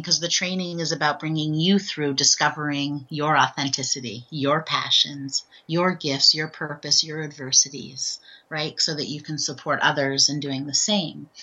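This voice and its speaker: A woman's voice: low-pitched, pushed and bright. A woman guest telling a personal story in a podcast interview, earnest and heartfelt, often checking in with "right?". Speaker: guest, author and transformational speaker. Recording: dull, lo-fi sound.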